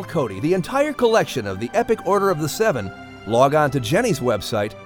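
A man narrating and hosting a podcast, reading a scripted outro and promo in an animated announcer style. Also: fairly high pitch.

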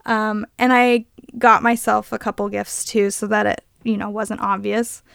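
A woman's voice: medium pitch, level tone, measured pace, creaky, fairly bright tone, clear, resonant tone, dry recording, studio quality. A woman in her twenties co-hosting a podcast, telling stories in casual chat with lots of "like" fillers. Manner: chatty storyteller, many "like" fillers. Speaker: podcast co-host.

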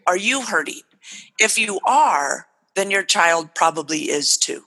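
A woman's voice: fairly low pitch, unhurried, low-quality recording. A woman in her forties, a parenting author, talking animatedly in an interview and acting out what parents say to their kids. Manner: animated, acts out parent dialogue. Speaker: guest author and parenting speaker.

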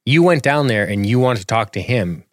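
A man's voice: mid-range voice, expressive, brisk, no echo, clean studio sound. A man talking casually on a podcast about a TV episode, candid and quoting dialogue from the show. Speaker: podcast co-host.

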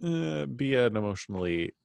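A man co-hosting a casual podcast, wry and laid-back, gently teasing his co-host. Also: mid-range voice, big pitch swings, normal speed, gravelly, no room sound. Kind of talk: casual chat.

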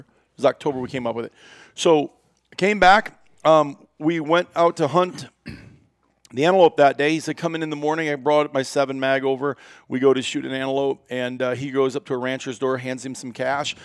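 Gravelly middle-aged man telling a story. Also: mid-range voice, steady tone, brisk, no echo, clean studio sound. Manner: rambling, many fillers and restarts. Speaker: company founder. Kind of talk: casual storytelling interview.

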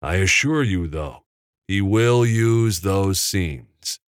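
A man voicing a tall, cunning, cruel older studio man in an audiobook, speaking smoothly with quiet menace. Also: low voice, animated, slow, no room sound. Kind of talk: audiobook character voice.

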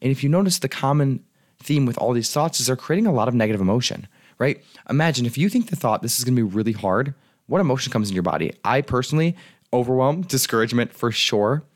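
A man's voice: mid-range voice, animated, fast talker. A male coach talking through a solo podcast monologue, casual and earnest, with the odd swear word. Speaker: life and business coach.

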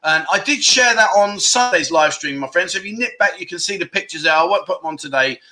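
A man's voice: high voice, expressive, quick pace, pushed and bright. A middle-aged man hosting a casual livestream chat, teasing and talking loosely with many restarts. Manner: chatty, teasing, restarts often. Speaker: livestream host.

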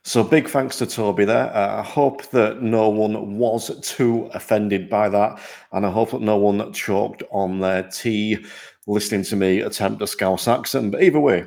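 Upbeat man hosting a podcast. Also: creaky. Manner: upbeat and self-deprecating, with lively jumps in pitch. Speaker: podcast host.

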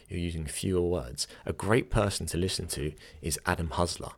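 A man's voice: sits low, fairly quick, hardly any pauses. A young man hosting a podcast and teaching yoga, talking casually, often restarting his sentences and laughing easily. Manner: chatty, self-correcting, laughs easily.

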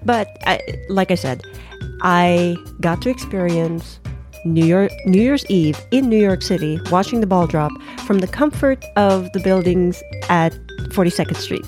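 A woman's voice: fairly low pitch, a little mellow, soft background music. A woman co-hosting a podcast, upbeat and leading the segments. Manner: upbeat, leads segments, quick reactions. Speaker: podcast co-host. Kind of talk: casual chat.

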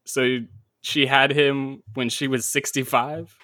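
Bright-voiced man in a dry, close recording. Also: medium pitch, flat delivery, slow pace, no echo. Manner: laughs often, playful teasing. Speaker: podcast co-host. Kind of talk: casual movie-discussion chat.

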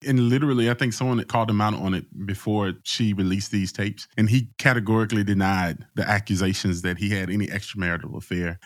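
Low-voiced man, laid-back chat. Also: fairly even intonation, fast, hardly any pauses, dry recording. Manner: laid-back, retells news with dry humor. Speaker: podcast co-host. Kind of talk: casual chat.

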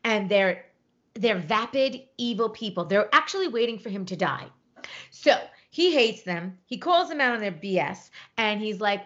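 A woman co-hosting a casual podcast chat over a remote call, retelling stories with lively voiced quotes. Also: medium pitch, normal speed. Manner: animated storytelling, acts out quotes. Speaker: podcast co-host. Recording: lo-fi internet call audio.

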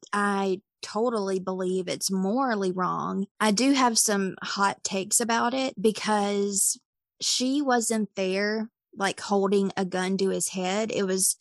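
A woman's voice: medium pitch, dry recording, clean studio sound. Chatty woman true crime podcaster. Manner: reads quoted texts quickly, chatty with fillers. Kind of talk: casual podcast storytelling.

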